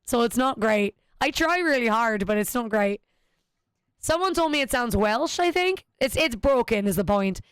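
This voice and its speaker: A woman's voice: on the high side, animated, normal speed, clean tone, no room sound, studio quality. A woman streaming a game, chatting casually with self-deprecating jokes. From United States. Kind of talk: casual live-stream chat.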